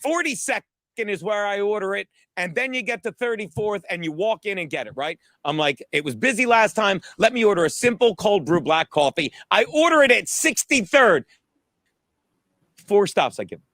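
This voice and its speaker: High, bright-voiced profane male podcast host. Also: moderate pace, no room sound, studio quality. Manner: profane, excitable storyteller, laughs and shouts. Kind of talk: casual comedic podcast chat.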